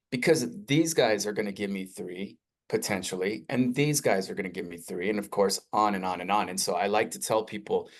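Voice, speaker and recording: Upbeat man presenting a software demo. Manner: energetic, conversational salesy pitch with rising emphasis. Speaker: webinar presenter.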